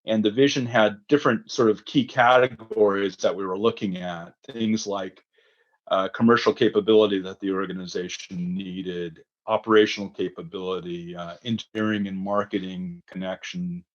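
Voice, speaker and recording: A man's voice: deep voice, fairly even intonation, moderate pace, highs cut off. A man answering as a consultant guest, explaining a process methodically with frequent ums.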